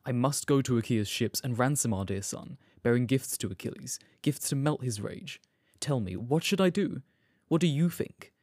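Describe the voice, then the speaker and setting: A man's voice: mid-range voice, expressive, moderate pace, a little mellow, no echo, studio quality, close to an everyday voice. A man voicing an old grieving king who anxiously asks his wife for advice, in a dramatic audiobook reading. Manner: pleading, unsure.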